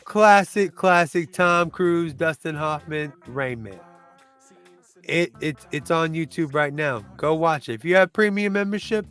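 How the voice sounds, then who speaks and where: Man reviewing movies, casual countdown chat, rambling, restarts a lot, slightly high voice, faint music underneath. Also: measured pace, fairly bright tone. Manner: rambling and loose, often restarting and groping for names.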